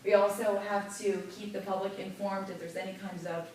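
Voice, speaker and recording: Lively woman radio host teaching, demonstrative, echoey distant classroom sound. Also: medium pitch, fairly quick, a little hiss or hum. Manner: lively, demonstrative, stresses clear enunciation. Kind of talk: classroom lesson. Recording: echoey room picked up from far.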